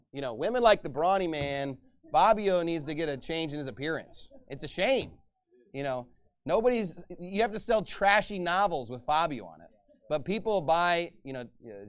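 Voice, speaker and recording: A man preaching a sermon in a fairly high, smooth and resonant voice. He talks to the congregation casually, checking in with them often, then suddenly pushes his voice up hard to hammer a point home. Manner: emphatic preaching with sudden loud peaks; conversational asides with frequent "okay?" and "right?". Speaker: pastor.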